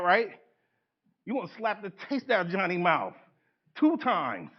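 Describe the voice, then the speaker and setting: A man presenting a live workshop to an audience in a conference room. He is animated, acts out the people he quotes, and laughs often. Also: high voice, moderate pace. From United States. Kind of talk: live seminar lecture. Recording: dull lo-fi event recording.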